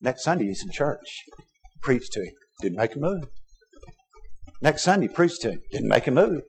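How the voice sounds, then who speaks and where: A man's voice: medium pitch, big pitch swings, moderate pace, pauses often, slightly rough. Emphatic preacher man. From Texas. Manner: emphatic preaching with sudden loud and soft swings. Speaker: pastor. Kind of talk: sermon.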